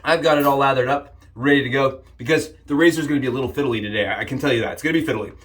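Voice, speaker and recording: A man hosting a casual shaving vlog, upbeat and jokey, rambling with frequent restarts and sudden excited jumps in pitch. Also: rapid-fire. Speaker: shaving channel host. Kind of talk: casual shave demonstration vlog.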